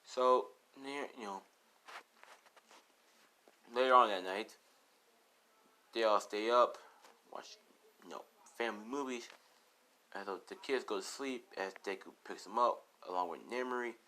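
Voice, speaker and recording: A man's voice: fairly low pitch, a little slow, long pauses, bright, forceful tone. A man casually telling a fan story, rambling and full of fillers as he retells who said what.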